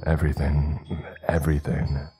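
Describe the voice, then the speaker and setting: A man doing a desperate changed ranger, very deep. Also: little pitch movement, moderate pace, slightly rough, soft background music, heavily acted. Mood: pleading. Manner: pleading, then shouting and banging. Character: desperate male ranger friend, turned into a creature.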